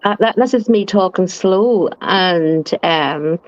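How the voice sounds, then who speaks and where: A woman in a casual group chat, a fast talker who slows her speech down on purpose. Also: fairly low pitch, dry recording. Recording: dry, dull lo-fi sound.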